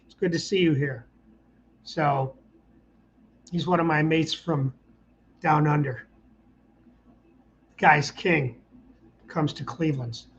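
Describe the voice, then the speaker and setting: A man's voice: on the high side, fairly bright tone, dull audio, a little hiss or hum. Upbeat rambling man hosting a live stream. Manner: rambling, upbeat, reads out viewer comments. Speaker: channel host. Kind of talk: casual livestream chat.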